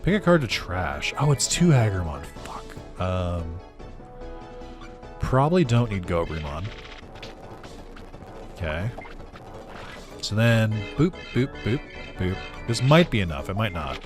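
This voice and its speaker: Male gaming creator, low voice, loose rambling let's-play chatter. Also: sing-song, unhurried, pauses often, over music. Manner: rambling, with lots of fillers and chuckles. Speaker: gaming YouTuber. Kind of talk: casual let's-play commentary.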